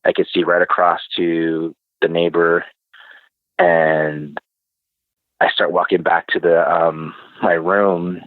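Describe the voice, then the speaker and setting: A man guest telling a personal story casually, halting with many fillers and restarts. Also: deep voice, little pitch movement, no echo. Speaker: podcast guest. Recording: tinny phone-like remote line.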